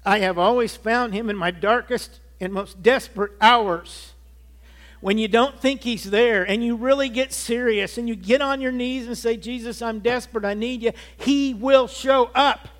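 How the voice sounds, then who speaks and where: A man's voice: extremely high pitch, normal speed, fairly bright tone. A man in his early sixties preaching a sermon, giving an earnest personal testimony that builds to emphatic peaks. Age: 60s. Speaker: pastor.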